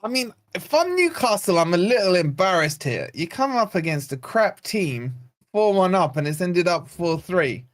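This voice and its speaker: His voice sits high and is very animated, delivered at a moderate pace. He is a fan channel host on a live football watch-along, bluntly and sarcastically complaining about his team as the match plays.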